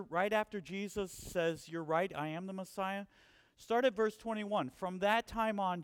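A man preaching a sermon, animated, acting out quotes and asking questions. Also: sits high, smooth, dry recording, studio quality.

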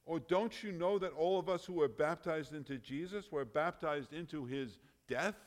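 Male preacher, sermon delivery, emphatic, swings from loud to quiet. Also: fairly high pitch, normal speed. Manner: emphatic, rising and dropping in loudness.

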